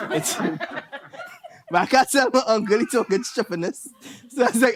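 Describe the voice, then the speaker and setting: A man's voice: high voice, normal speed, pauses often, slight background noise. A man with a Trinidadian accent performing a stand-up comedy set, telling stories and mimicking his relatives. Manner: animated storytelling with impressions of relatives.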